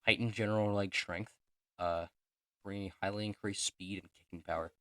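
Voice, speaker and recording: A young man reading his own character profiles aloud, rushing through them with joking asides and stumbles. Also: lowish voice, steady tone, a bit bright, no room sound, studio quality. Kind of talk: casual reading of written notes.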